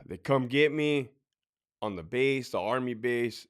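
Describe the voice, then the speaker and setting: A man recounts a painful personal story in casual speech. His delivery is halting and emotional, with repeated phrases and sighs. His pitch sits in a mid range for a man. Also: clean tone. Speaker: podcast host telling a personal story.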